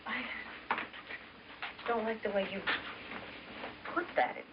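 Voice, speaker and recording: A woman's voice: fairly high pitch, steady tone, slow pace. An actress playing a man's new girlfriend in a film, answering in a wry, dry way. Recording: hissy lo-fi film clip.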